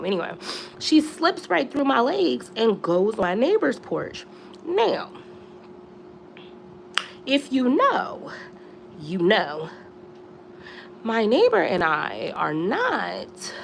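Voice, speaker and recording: A young woman spinning a storytime at home, chatty and slangy, with her voice jumping up and down as she talks. There is a gravelly rasp in her tone and a faint hiss of background noise. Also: medium pitch. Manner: slangy, chatty, animated with many asides. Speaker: storytime vlogger. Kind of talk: casual storytelling on a live stream.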